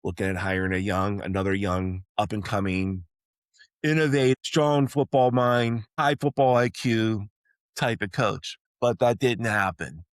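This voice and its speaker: A man's voice: mid-range voice, dry recording. A man hosting a solo sports opinion podcast, talking emphatically and repeatedly tacking on "okay?" to drive his points home. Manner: rallying, pleading tone toward fans. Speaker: podcast host.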